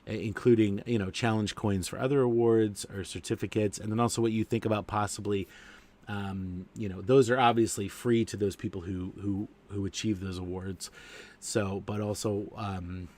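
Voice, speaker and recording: Male stream host, stuffy nasal cold voice, low pitch, loose rambling delivery. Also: a little mellow. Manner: rambling, many fillers and restarts. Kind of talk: casual live stream chat.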